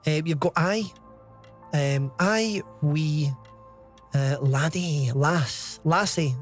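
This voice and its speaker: A man's voice: fairly high pitch, very slow, faint music behind. A man chatting casually on a game live stream, rambling and laughing often.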